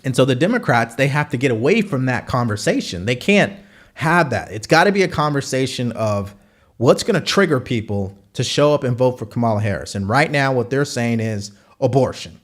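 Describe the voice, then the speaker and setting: A man's voice: mid-range voice, lively intonation, fairly quick. Male host, live political commentary, punchy rhetorical delivery, mid-range voice. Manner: rhetorical, repeats questions for emphasis.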